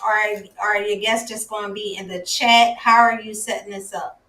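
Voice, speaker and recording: A woman hosting a casual live-stream interview, effusive and quick to exclaim. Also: mid-range voice, fairly even intonation, a bit bright. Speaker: host. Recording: echoey room.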